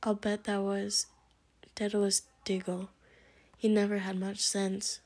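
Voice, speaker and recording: A woman's voice: medium pitch, monotone, unhurried, a little mellow. A woman whispering as a stern older witch, whispered role-play. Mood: impatient. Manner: impatient, clipped, irritable.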